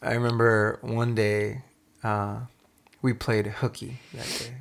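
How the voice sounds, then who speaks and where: A man co-hosting a podcast, telling a childhood story in casual chat, animated and swearing freely. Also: mid-range voice, takes it slowly, vocal fry. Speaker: podcast co-host.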